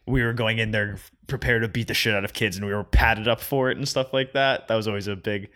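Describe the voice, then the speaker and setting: A man's voice: fairly low pitch, steady tone, fast talker, fairly bright tone. A young man chatting casually as a podcast co-host, laid-back, with lots of "like" and "bro". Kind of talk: casual chat.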